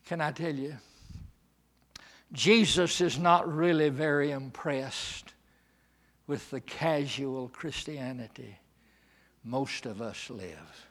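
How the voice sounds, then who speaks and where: A man preaching a sermon, swinging from hushed asides to shouting. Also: mid-range voice, takes it slowly, long pauses.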